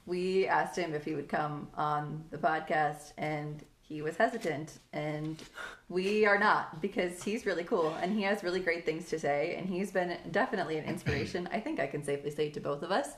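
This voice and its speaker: A woman's voice: low-pitched, moderate pace. A young woman co-hosting a casual podcast from home, a chatty storyteller who laughs often. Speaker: podcast co-host.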